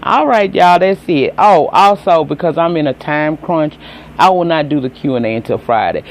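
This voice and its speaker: A man's voice: a little high, normal speed. A man with a Southern accent casually recapping a TV episode, chatty and profane, talking straight to his viewers. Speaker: TV episode reviewer.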